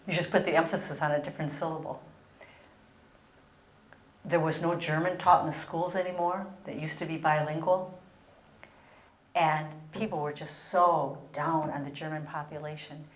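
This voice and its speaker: An older religious sister giving an earnest historical presentation, telling stories and reading out letters. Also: female voice, sits low, fairly even intonation, normal speed, pauses often, reverberant. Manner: earnest storytelling with read-out quotes.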